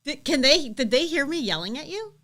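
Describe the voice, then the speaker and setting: A woman's voice: high voice, expressive, fairly quick, sharp tone. A woman co-hosting a casual live stream, chatty and teasing. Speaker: co-host.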